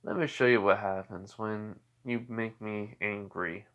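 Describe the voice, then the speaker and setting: Cocky young fighter guy threatening calm and low, a man reading him out. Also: measured pace. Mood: menacing.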